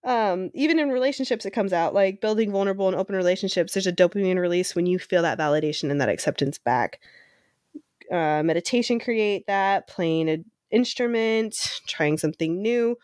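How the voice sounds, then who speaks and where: A young adult woman co-hosting a podcast and speaking from her work as a therapist. Her talk is casual and full of fillers and easy laughter, sitting at a middle pitch. The recording is close and dry. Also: fairly quick, a little mellow, dry recording. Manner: chatty, lots of fillers and laughter. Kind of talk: casual chat.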